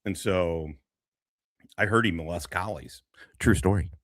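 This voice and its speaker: A man's voice: low-pitched, measured pace, no room sound, clean studio sound. A man doing rambling, profane reaction commentary as a streamer, laughing often and jumping between thoughts.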